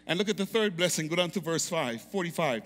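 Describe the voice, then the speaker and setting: A man preaching in a church with a high, bright, ringing voice. His delivery is fervent, and he repeats lines and urges the congregation to answer back. A long reverb trails off his words through the sanctuary. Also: lively intonation, fast. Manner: fervent call-and-response preaching, repeats phrases. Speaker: pastor. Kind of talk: sermon.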